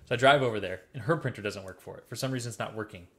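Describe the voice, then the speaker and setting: A young man from the American Midwest co-hosting a podcast, telling stories in casual, profane, animated chat. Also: on the low side, racing. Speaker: podcast co-host.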